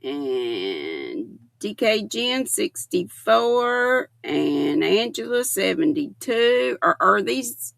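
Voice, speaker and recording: Woman in her sixties, unhurried and dry-sounding, affectionate host reading her viewers' comments aloud. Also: medium pitch, very animated, vocal fry, fairly bright tone, no room sound. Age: 60s. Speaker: livestream host.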